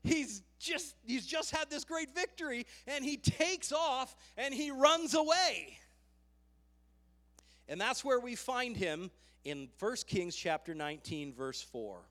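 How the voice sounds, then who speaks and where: A man preaching a sermon, fervent and emphatic, with loud rising bursts as he tells the story. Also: very high voice, expressive, takes it slowly. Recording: long hall reverb.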